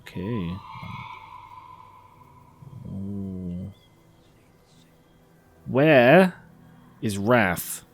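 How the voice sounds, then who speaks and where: A man giving casual, excitable gameplay commentary, laughing and swearing as he plays. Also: fairly low pitch, drawn-out words, gravelly, pauses often, no room sound. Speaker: let's play host.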